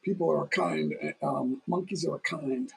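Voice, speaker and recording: A middle-aged man hosts a phone livestream, rambling casually while eating and sounding tired, often restarting his sentences. His voice is on the high side, creaky, darkish, and a bit breathy, at a measured pace, with poor audio quality.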